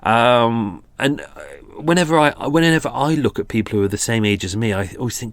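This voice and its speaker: A man's voice: mid-range voice, expressive, a little fast, no echo. Chatty British man in his forties. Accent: British English. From England. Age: 40s. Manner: chatty, self-deprecating, with restarts and asides. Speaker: podcast host. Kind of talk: casual true-crime podcast narration.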